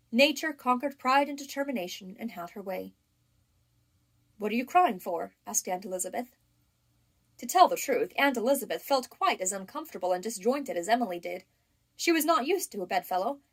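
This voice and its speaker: A woman narrating a classic novel as an audiobook reader, in a measured, even storytelling manner. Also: a little high.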